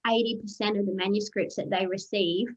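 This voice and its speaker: A woman's voice: medium pitch, fairly even intonation, a little fast. A woman hosting a casual interview and asking probing questions. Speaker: podcast host. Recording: dull lo-fi sound.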